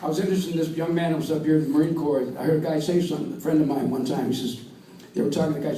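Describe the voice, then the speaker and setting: An older American wrestling coach delivers an earnest induction speech at an awards dinner, telling stories and repeating his points for emphasis. His voice sits on the high side, steady in tone, rapid-fire with few pauses. Recorded from a distance in an echoey banquet hall, it carries crowd noise and faint room sound.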